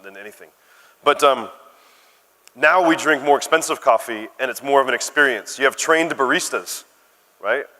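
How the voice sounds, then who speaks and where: A middle-aged American man from Arizona gives a conference keynote, telling stories and tossing asides to the crowd. His voice is bright and forward, and it carries a long reverb from a big hall. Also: medium pitch. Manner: conversational storytelling with asides to the audience. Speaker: conference speaker. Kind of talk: keynote talk.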